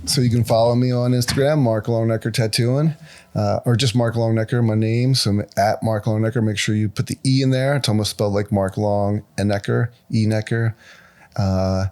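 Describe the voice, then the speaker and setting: A man's voice: on the low side, moderate pace. A man in his forties, a guest tattoo artist, telling stories in casual podcast talk and acting out quotes with a raised voice. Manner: animated, acts out quotes with raised voice.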